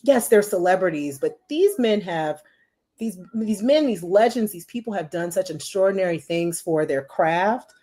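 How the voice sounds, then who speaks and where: Middle-aged woman guest, lowish voice, chatty storyteller who leans on "you know". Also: moderate pace. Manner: chatty, animated, many "you know" fillers. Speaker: podcast guest, marketing executive. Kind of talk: casual storytelling interview.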